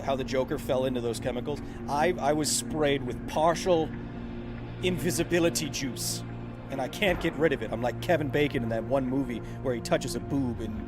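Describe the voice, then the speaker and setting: A man in his thirties live-streaming a video game, chatting casually with viewers in a rambling, self-mocking way. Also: a little high. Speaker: streamer playing a video game and answering chat.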